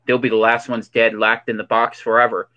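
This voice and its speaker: A man's voice: medium pitch, monotone, a little fast, lo-fi sound, lightly acted. A man playing a preachy conspiracy theorist character in a comedic monologue, full of ominous rhetorical questions and an affected accent. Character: preachy male conspiracy theorist in hoodie and sunglasses.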